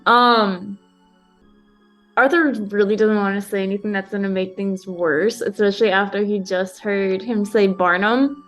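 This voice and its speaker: A woman's voice: medium pitch, fairly even intonation, a little slow, fairly bright tone, soft background music. A woman playing a tabletop game, describing her moves hesitantly and thinking aloud with lots of "um". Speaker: player.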